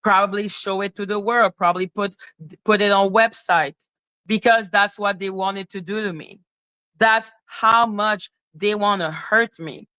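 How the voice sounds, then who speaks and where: A woman's voice: medium pitch, fairly even intonation, measured pace, bright, forceful tone, no echo. A woman ranting on a livestream, heated and profane, who often repeats herself. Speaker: live streamer. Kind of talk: angry livestream rant.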